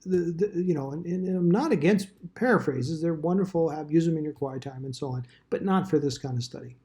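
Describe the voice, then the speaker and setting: A man's voice: fairly high pitch, a little fast, warm tone. A man teaching a Bible study class in a casual, rambling way, with dry asides.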